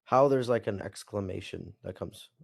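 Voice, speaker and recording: Male student, gravelly and husky, unsure, halting questions. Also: fairly low pitch, dry recording, studio quality. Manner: tentative questioning.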